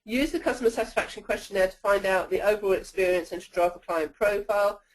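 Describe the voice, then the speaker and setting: A woman's voice: mid-range voice, quick pace, poor audio. A woman presenting a sales-training webinar in a coaching tone, often checking in with "okay?".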